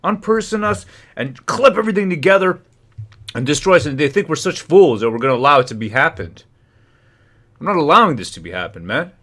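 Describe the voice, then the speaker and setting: A man's voice: fairly high pitch, very animated, a little fast, pushed and bright. A man hosting a livestream, ranting in heated, indignant bursts while reacting to a hearing. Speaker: livestream host.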